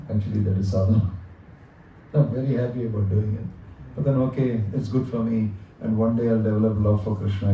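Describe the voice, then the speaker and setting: A man giving a devotional lecture, telling stories slowly and with emphasis. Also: fairly low pitch, mellow, lo-fi sound. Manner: slow, emphatic storytelling with quoted dialogue. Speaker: spiritual teacher. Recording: echoey hall, distant mic, faint ambience.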